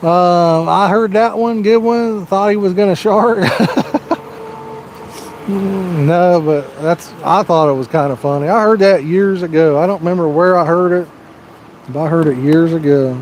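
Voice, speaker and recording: Out on a live fishing show, a man whose voice runs a touch higher than most men's speaks at a measured pace, a little mellow, into a personal mic. He meanders in folksy fashion, peppering a long joke with "you know" while baiting hooks, as faint outdoor sounds drift in.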